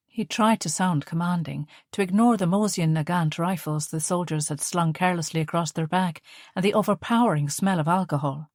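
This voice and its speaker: Audiobook narrator: a woman with a lower voice, steady measured reading, dry close sound. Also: no room sound.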